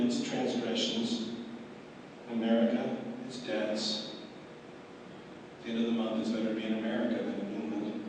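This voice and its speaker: A pastor with a medium-pitched voice delivers a sermon in a large convention hall, acting out dialogue with wry humor and swinging dramatically in his delivery. The background is noisy, and the distant mic picks up an echoey hall.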